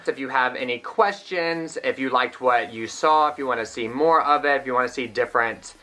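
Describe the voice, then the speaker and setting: A man's voice: medium pitch, a little fast, hardly any pauses, bright, forceful tone. A young man chatting through a makeup tutorial in a casual, self-mocking way. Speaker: vlogger.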